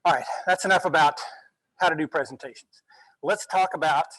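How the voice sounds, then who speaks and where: A male university instructor giving a relaxed classroom lecture, often checking in with "okay?" as he goes. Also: fairly high pitch, fairly quick, dry recording, rough recording. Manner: conversational, frequent "okay?" check-ins.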